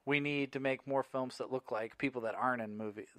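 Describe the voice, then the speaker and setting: A man's voice: medium pitch, steady tone, brisk, fairly bright tone, dry recording. A man co-hosting a podcast, chatting casually and teasing his co-host with wry remarks. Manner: wry, teasing, reads out contest results. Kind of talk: casual chat.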